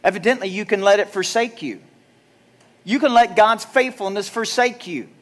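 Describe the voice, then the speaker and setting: A man's voice: sits high, moderate pace. A middle-aged man, a pastor, preaching a chatty, self-deprecating sermon and acting out the dialogue in his stories. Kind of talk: sermon with storytelling. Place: church sanctuary.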